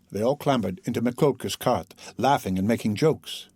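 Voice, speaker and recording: A man narrating a classic novel as an audiobook in an expressive storytelling manner. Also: mid-range voice, normal speed, hardly any pauses, breathy edge, dry recording, studio quality.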